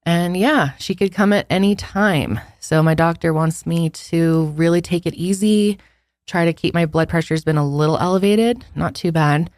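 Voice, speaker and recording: A woman's voice: fairly low pitch, normal speed, a little mellow, dry recording, studio quality. A woman in her thirties co-hosting a podcast in casual chat, short of breath as she talks, chatty and upbeat but tired. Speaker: podcast co-host.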